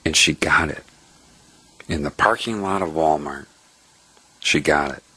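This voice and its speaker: A man's voice: extremely low pitch, a little slow, bright, forceful tone, breathy edge. A man giving an earnest spiritual monologue in the form of a personal story, explaining his points step by step and checking in with "right?".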